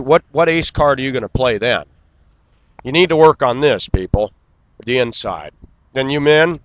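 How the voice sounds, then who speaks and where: A man delivering an indignant, lecturing rant straight to camera and clearing his throat now and then. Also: medium pitch, dry recording, lo-fi sound. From United States. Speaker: vlogger. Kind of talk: ranting monologue.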